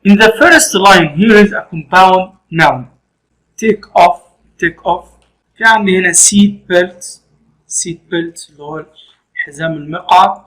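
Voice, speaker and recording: A man's voice: high-pitched, fairly quick, a bit bright, rough recording. A male English teacher with an Egyptian accent, running a classroom lesson and explaining each point again in Arabic.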